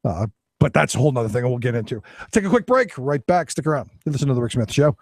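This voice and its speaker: A man hosting talk radio, riffing sarcastically with a gravelly, animated, fairly high voice. His pitch swings widely as he argues, and the mic sounds close and dry. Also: quick pace, no echo. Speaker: radio talk show host. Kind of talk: opinionated political talk radio monologue.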